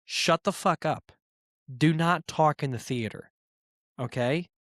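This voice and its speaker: A man's voice: fairly high pitch, slow, fairly bright tone, dry recording. Profane ranting man, dry close sound. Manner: profane, exasperated ranting with mocking quoted voices. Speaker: podcast host. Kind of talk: solo comedic rant.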